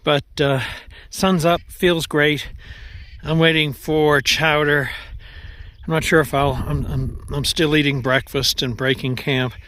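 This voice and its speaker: A man's voice: a little high, steady tone, bright, forceful tone. Guy vlogging his thru-hike outside on a mountain trail, rambly, stops and restarts a lot, bit of wind hiss. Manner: rambling, with frequent pauses and restarts. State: out of breath. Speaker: long-distance hiker vlogger. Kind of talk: trail vlog.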